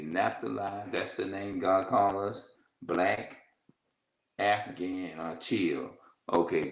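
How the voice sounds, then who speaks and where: A man giving informal religious teaching, halting and repeating himself as he reads from notes. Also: deep voice, echoey room, low-quality recording.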